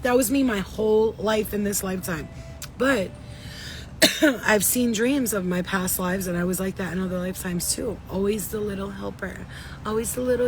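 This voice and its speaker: Field: chatty spiritual woman vlogger, rough voice. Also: mid-range voice, brisk, slight background noise. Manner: chatty, repetitive, swears casually, greets viewers. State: voice roughened, coughing. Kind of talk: casual spiritual talk to viewers.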